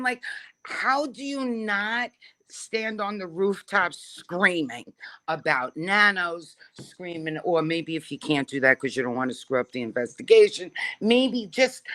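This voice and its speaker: Bright, emphatic woman caller. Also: medium pitch, unhurried. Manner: emphatic, rambling, animated. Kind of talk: phone-in question to a live show.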